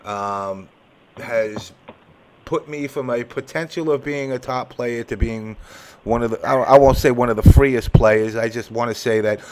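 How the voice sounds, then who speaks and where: A man's voice: medium pitch, measured pace, a little mellow. Profane joking man in his forties. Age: 40s. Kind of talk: casual chat.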